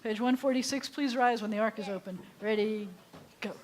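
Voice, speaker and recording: A woman rabbi leading a synagogue service, giving friendly instructions and joking quietly with the congregation. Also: on the high side, a little fast, a little hiss or hum. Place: synagogue sanctuary.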